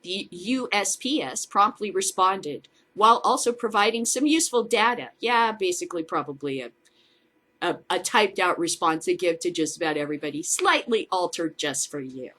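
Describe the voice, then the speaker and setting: Here a woman with a lowish, expressive voice and a sharp tone runs a laid-back cannabis news commentary show, reading stories and ridiculing them with sarcastic, swearing remarks. She keeps a moderate pace, and a slight hiss or hum runs under the recording.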